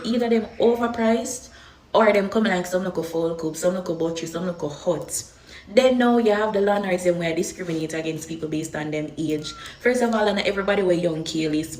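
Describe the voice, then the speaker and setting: A woman's voice: on the low side, a little mellow. A woman from Jamaica with a Jamaican accent, venting to camera in an exasperated way, slipping into patois. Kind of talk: complaint vlog to camera. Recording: echoey room with faint noise.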